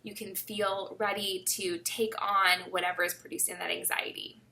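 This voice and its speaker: A woman's voice: fairly low pitch, steady tone, normal speed, creaky. A young woman talking casually to camera, giving chatty, encouraging advice on coping with stress. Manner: warm, encouraging, chatty with many fillers. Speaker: fitness vlogger.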